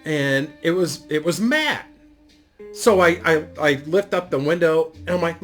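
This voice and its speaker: A man's voice: a little high, animated, measured pace, fairly bright tone, faint music behind. A middle-aged man telling a story in a casual monologue, rambling and profane, with lots of fillers. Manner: rambling, profane, laid-back delivery with frequent fillers. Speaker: YouTube storyteller.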